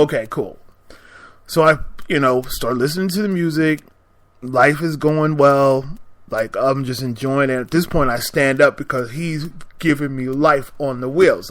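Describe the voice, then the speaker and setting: A man's voice: medium pitch, no room sound. A man hosting a podcast, telling a story in a casual, exasperated way and acting out both sides of the conversation. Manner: animated, exasperated, acts out both sides of the exchange. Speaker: podcast host. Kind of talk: storytelling anecdote.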